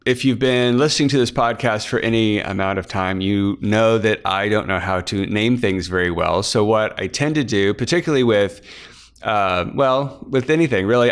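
A man from Kansas hosts his podcast, chatting casually about his writing. His voice sits a little low and sounds smooth and clear. He rambles, with frequent fillers and false starts. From Kansas, USA. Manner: rambling, many fillers and restarts. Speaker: author and podcast host. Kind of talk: casual behind-the-scenes chat.

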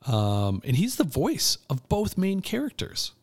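A man's voice: fairly high pitch, unhurried. A man chatting casually as a podcast co-host, telling stories animatedly with fillers and restarts. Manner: animated storytelling, trails off with fillers. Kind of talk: casual chat.

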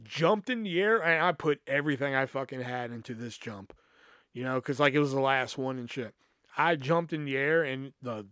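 A young man hosting a podcast, telling a rambling, profane story with lots of fillers and animated energy. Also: mid-range voice, clear, resonant tone, no echo, clean studio sound. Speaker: podcast host. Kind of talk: casual storytelling.

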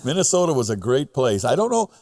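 A man co-hosting a casual podcast chat who jokes loudly and acts out quoted voices. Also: mid-range voice, big pitch swings, fast, dry recording, studio quality. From Midwest United States. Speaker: podcast co-host.

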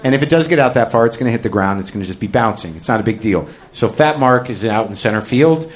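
A man doing a stand-up comedy routine, telling a rambling, self-deprecating confessional story and breaking into loud shouted bits. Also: medium pitch, expressive, quick pace.

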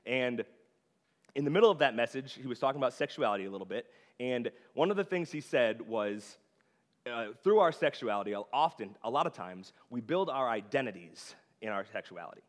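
A young male preacher talks to the congregation in a loose, chatty way, scattering filler words as he goes. His mid-pitched voice rings out with a long reverb tail through the sanctuary. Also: animated, a little fast. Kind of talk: conversational sermon. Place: church sanctuary.

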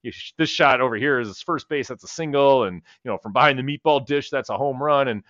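Bright-voiced man rambling through a movie recap. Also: medium pitch, fairly quick, no room sound, dull audio. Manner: rambling, profane, laughs while retelling scenes. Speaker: podcast co-host. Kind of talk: casual movie-review chat.

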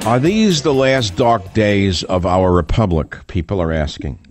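A man's voice: on the low side, expressive, measured pace, over music. An older man hosting a political talk radio show, combative and sarcastic, firing off rhetorical questions.

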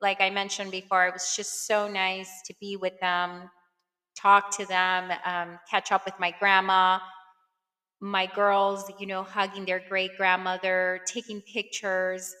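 A woman's voice: medium pitch, level tone, unhurried, bright, forceful tone. A middle-aged woman from Brooklyn, New York, hosting a podcast and telling a personal story casually, with lots of "you know" and acted-out quotes. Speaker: podcast host. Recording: long reverb, echoey room.

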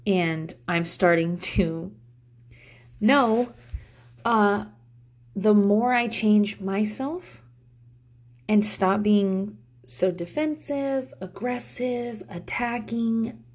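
A woman's voice: medium pitch, very slow, pauses often, a little mellow. A mother talking casually to her viewers about parenting, frank and profane, reflective and self-deprecating, with frequent "um"s. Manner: frank and profane, with many fillers. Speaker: mother sharing parenting advice. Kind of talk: casual talk to camera.

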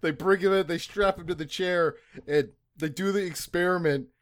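A man's voice: high voice, fairly even intonation, normal speed, no room sound, studio quality. A man casually retelling a movie's story for a review podcast, laughing often and acting out lines. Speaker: podcast co-host.

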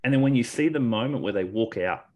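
A man co-hosting a podcast, talking in an excited, rambling way, restarting sentences and swearing casually. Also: medium pitch, fast talker. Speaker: podcast co-host. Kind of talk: casual wrestling discussion.

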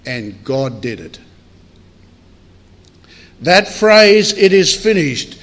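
A male pastor delivers a sermon in a church hall, his voice sitting high for a man. He speaks in an earnest, measured way, taking his time with deliberate pauses. The sound carries a long reverb from the room.

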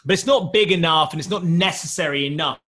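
A man's voice: on the high side, quick pace. A man, a startup founder, telling a long anecdote in casual chat, laughing often and doing voices for the people in it. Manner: animated storyteller who laughs often and does voices.

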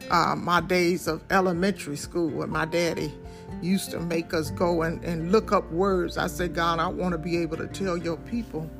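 A woman's voice: fairly low pitch, vocal fry. A woman preacher delivering a sermon in a fervent, emphatic way, repeating key phrases. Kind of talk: sermon with sung worship opening.

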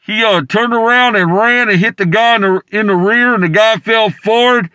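A man on a call-in show, telling a story with many stumbles and "uh"s. His voice is fairly high for a man, and the sound is dry and close. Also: moderate pace, sharp tone, smooth, dry recording. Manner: rambling, stumbling, many restarts and fillers. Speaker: caller. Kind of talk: rambling anecdote.

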